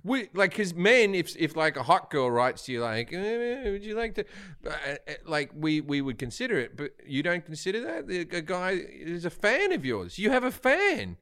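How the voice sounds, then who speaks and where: A man with a lively, swooping voice riffing on a casual comedy podcast. He drifts into goofy accents as he tells stories, pitched a little high for a man. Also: normal speed, hardly any pauses. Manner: animated, mimics accents. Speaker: podcast host.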